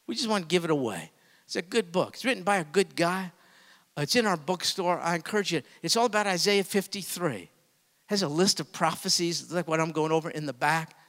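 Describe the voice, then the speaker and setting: Man, pastor preaching, hushed asides to booming peaks, bright tone, long hall reverb. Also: expressive, brisk. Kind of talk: sermon.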